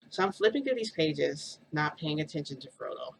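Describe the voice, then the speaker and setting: A woman's voice: low-pitched, animated, normal speed, slight background noise, low-quality recording. A woman vlogger telling a story in a rambling, casual way, full of "like" and "um".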